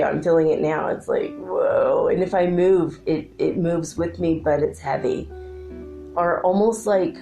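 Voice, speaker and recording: Low gravelly-voiced chatty woman. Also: mellow. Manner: chatty, rambling, laughs often, many "like"s. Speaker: spiritual channeler and show host. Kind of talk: casual spiritual talk.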